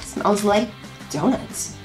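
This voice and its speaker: A woman with a mid-range, animated voice co-hosts a casual snack tasting, giggly and playful. Her pitch bounces around a lot as she talks. The room is echoey, with faint music behind. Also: takes it slowly. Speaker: guest co-host. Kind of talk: casual taste-test chat.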